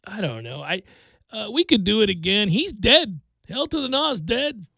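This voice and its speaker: A man's voice: high voice, very animated, vocal fry, bright, forceful tone, no room sound. A man hosting a sports talk radio show, bantering wryly with a co-host and reading listener mail. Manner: wry, joking, drawn-out delivery. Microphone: studio microphone.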